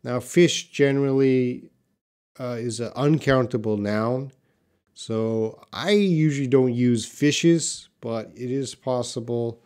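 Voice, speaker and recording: During a live stream, a man teaches English by reading questions from the chat and answering them easily, thinking out loud with many fillers. He speaks slowly and clearly at a medium pitch, with a resonant tone.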